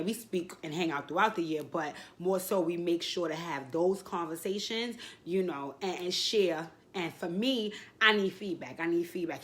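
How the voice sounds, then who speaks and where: Tearful woman in a heartfelt vlog. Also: fairly low pitch. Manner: emotional, reflective, heartfelt. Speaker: vlogger. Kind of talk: casual personal vlog.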